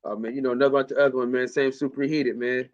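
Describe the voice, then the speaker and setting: A man's voice: medium pitch, level tone, racing. A man hosting a live stream in casual chat, loose and profane, repeating himself often. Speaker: host. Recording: muffled lo-fi stream audio.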